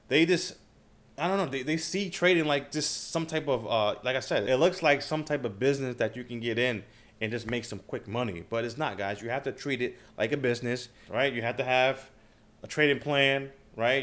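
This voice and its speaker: A man's voice: mid-range voice, a bit bright. A man hosting a trading channel, talking casually to his viewers and often checking in with "okay?" and "right?". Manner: conversational, frequent filler questions like "okay?" and "right?". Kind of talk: casual talk to camera.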